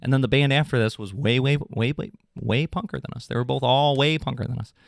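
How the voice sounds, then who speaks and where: A young adult man, a podcast host, ranting in an animated, casual, swearing way. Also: a little fast, vocal fry, dry recording, studio quality. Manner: animated, swearing, mocking voices in high pitch. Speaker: drummer in a pop punk band. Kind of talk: casual comedic rant.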